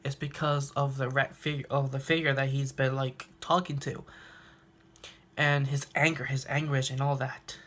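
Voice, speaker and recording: A man's voice: mid-range voice, flat delivery, normal speed, fairly bright tone. A young man recapping a cartoon episode casually, laughing often and acting out the characters' lines, recorded on a handheld phone. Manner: laughs often, acts out quotes. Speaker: reaction video host.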